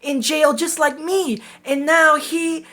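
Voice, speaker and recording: A game reviewer putting on a high, whiny voice to mock an earnest young male game hero. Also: level tone, takes it slowly, bright, forceful tone, heavily acted.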